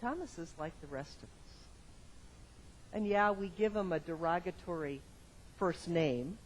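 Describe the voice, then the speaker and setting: A male pastor giving a sermon to his congregation in a church, moving from quiet reflection to loud emphatic exclamations and repeating phrases in rhythmic lists. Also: a little high, a little hiss or hum, poor audio. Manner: addresses the congregation directly with questions. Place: church sanctuary.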